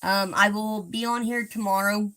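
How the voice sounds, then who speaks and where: A woman hosting a live stream, speaking to her viewers in a gentle, reassuring way. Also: medium pitch, fairly even intonation, normal speed. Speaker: livestream host.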